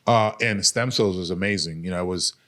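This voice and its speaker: This army veteran, a podcast guest, has a deep, fairly bright voice and talks briskly. He tells his story casually and candidly, blunt and profane, sprinkling in "like" and "dude" constantly. He's earnest, speaking openly about pain and recovery.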